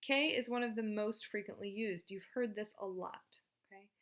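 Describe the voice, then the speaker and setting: A woman's voice: medium pitch, brisk, a bit bright. A woman teaching a Spanish grammar video lesson in a casual, chatty and encouraging way.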